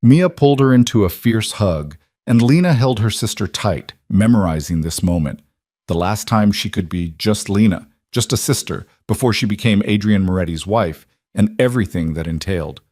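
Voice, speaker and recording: A man reads a dramatic story with a steady, measured delivery. His voice sits on the low side, and the recording is dry with no room sound. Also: dry recording. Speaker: narrator. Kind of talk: scripted dramatic narration.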